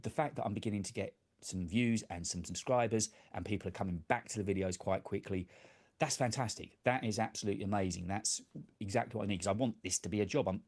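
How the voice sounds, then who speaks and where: A man's voice: fairly low pitch, darkish tone. A man, chatting casually on his tech live stream from a home desk, self-deprecating and laughing often.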